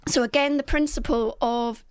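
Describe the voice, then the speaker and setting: A woman with a Scottish accent speaks as a guest in a radio interview. Her voice sits a little high, and she explains things earnestly with small fillers. The studio sound is dry and close. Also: fairly even intonation, normal speed, smooth, dry recording. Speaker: wedding speech writer guest.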